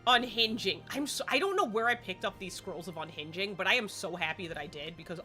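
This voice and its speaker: A woman streaming a game live, chatting excitedly and rambling to herself as she plays. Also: mid-range voice, a little fast, faint music behind.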